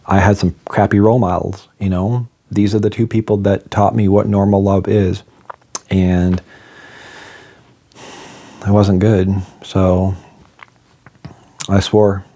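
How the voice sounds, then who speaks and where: A man in his forties with a low, mellow voice tells a hard story from his own life. He speaks candidly and reflectively, pausing often and restarting his sentences as he goes. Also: flat delivery. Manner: candid and reflective, halting with fillers. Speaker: vlogger. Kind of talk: personal storytelling to camera.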